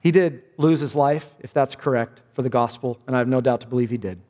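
A man's voice: mid-range voice, brisk, darkish tone, big-room sound. A man preaching a sermon as pastor, earnest and emphatic, repeating his key phrases.

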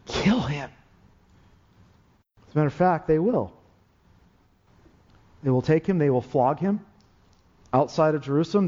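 Impassioned male preacher, high animated voice. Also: dull audio. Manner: impassioned, rising to emphatic peaks. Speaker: pastor. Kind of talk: sermon.

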